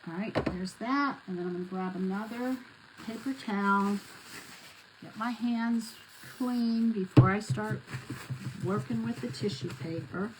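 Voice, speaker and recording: A woman's voice: mid-range voice, measured pace, background noise. A woman chatting casually to her viewers while she wraps gifts and labels handmade ornaments at home, calling them y'all. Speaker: crafting vlogger. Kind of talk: casual crafting chat to viewers.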